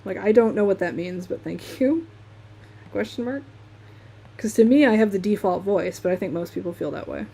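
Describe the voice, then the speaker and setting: A young Michigan woman with a Midwestern American accent chats and laughs easily as she draws on a live stream. Her voice is medium-pitched and brisk, warm in tone with a slight roughness.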